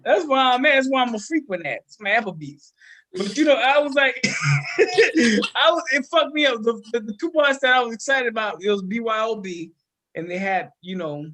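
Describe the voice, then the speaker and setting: A man hosting a podcast in casual chat, telling excitable, profane stories. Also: very high voice, brisk. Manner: loud, excitable, profane storytelling. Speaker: podcast host.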